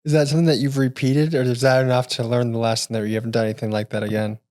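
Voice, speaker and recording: A man hosting a podcast, asking questions in a measured, articulate way. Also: medium pitch, level tone, a little mellow, no room sound, studio quality. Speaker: podcast host. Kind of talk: interview questions.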